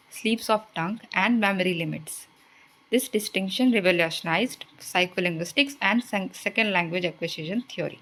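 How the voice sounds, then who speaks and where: A woman's voice: mid-range voice, a bit bright, poor audio. A woman, teaching exam prep by reading quiz questions and explaining the answers. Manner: reads out questions then explains answers, switching into Hindi asides.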